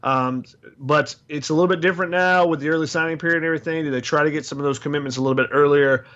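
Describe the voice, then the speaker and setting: Male co-host, calm and deliberate, slightly dull recording. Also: on the high side. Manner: thoughtful, measured reasoning. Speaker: podcast co-host. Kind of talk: casual sports podcast chat.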